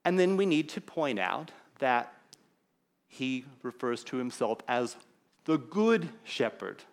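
A man preaching a sermon as pastor, explaining scripture in an emphatic teaching manner with deliberate pauses. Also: mid-range voice, very animated.

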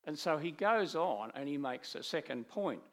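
A middle-aged man preaching with slides, talking in a lively way with many restarts and acted quotes. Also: a little high, normal speed. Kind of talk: sermon with slides.

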